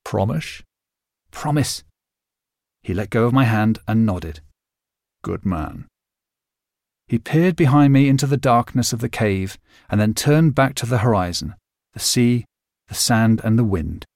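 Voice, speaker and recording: A man narrating a first-person short story in a vivid, expressive reading. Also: medium pitch, normal speed, no room sound, studio quality.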